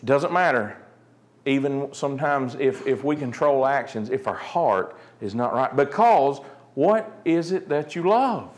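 A man preaching a sermon, swinging between joking asides and quiet, earnest points. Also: medium pitch, unhurried. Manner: animated preaching, jokey asides, drops to quiet earnest tones. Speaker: pastor.

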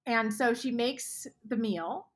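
A woman guest author speaking earnestly in a faith podcast conversation, often dropping to hushed tones. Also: a little high, takes it slowly.

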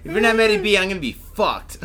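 Tipsy man, podcast co-host, lively up-and-down voice, bright tone, constant swearing. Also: high voice, fast. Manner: swears a lot, rambling and animated. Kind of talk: casual chat. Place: Tokyo.

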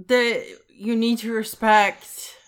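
Slow, smooth-voiced woman co-host. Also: on the high side, little pitch movement. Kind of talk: casual chat.

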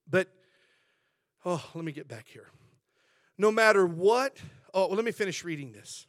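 High-voiced man preaching in a chatty way. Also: moderate pace, pauses often, no echo, studio quality. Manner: chatty storytelling, animated and humorous. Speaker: pastor. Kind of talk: sermon.

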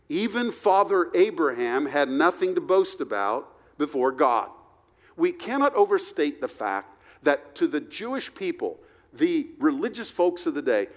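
Male pastor, fairly high voice, earnest sermon delivery, slow emphatic scripture reading, church hall with long reverb. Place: church sanctuary.

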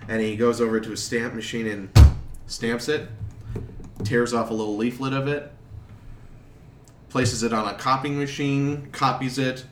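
A man running a tabletop game as game master, narrating in a relaxed, descriptive way, recorded from a distance in an echoey room. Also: medium pitch, normal speed, pauses often. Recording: roomy, distant mic with faint noise.

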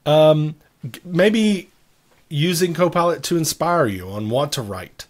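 A man's voice: on the high side, animated, unhurried. A man co-hosting a casual tech chat, explaining features at length with joking asides. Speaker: podcast co-host.

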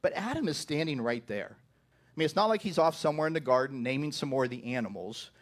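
A man's voice: on the high side, expressive, fast talker. A man preaching a sermon to his congregation. He often repeats the first words of a phrase and keeps asking "right?". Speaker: pastor.

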